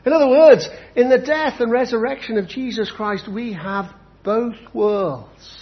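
A man preaching a sermon with emphatic delivery, repeating key phrases slowly for effect. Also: extremely high pitch. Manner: emphatic, with slow dramatic repetitions. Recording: dull lo-fi recording.

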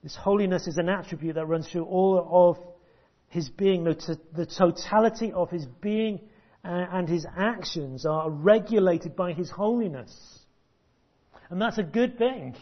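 A man preaching a sermon, emphatic and deliberate, with long pauses, repeated words and sudden hushed drops. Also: sits high. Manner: drops to a hush at key points. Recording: dull lo-fi recording.

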